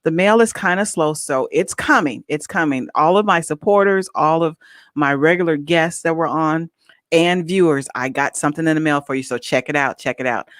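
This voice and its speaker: A woman hosting a live online show, talking excitedly and straight to her viewers. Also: sits low, moderate pace, no echo, clean studio sound. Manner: effusive, talks straight to viewers.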